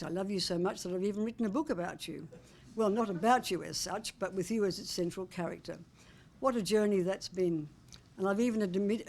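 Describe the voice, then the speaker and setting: A woman's voice: fairly low pitch, a little mellow. Heartfelt older woman giving a speech. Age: 70s. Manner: heartfelt and affectionate, with wry humour. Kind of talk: prepared speech at a book launch.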